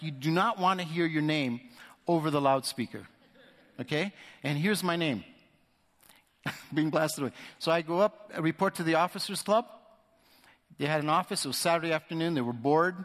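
A man's voice: on the high side, fairly bright tone. A man sharing a personal testimony as a guest speaker in church, telling the story vividly and acting out the voices of the people in it. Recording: echoey hall reverb.

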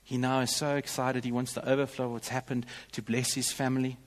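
A man's voice: mid-range voice, level tone, brisk, big-room sound. A male pastor delivering a sermon in a church, in an earnest, emphatic way.

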